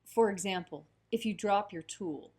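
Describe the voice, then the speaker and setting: A woman co-hosting a livestream, chatting and telling a parable in a lively way. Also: mid-range voice, normal speed, breathy edge. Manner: affirming, animated storyteller. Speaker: co-host. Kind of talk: conversational teaching and storytelling.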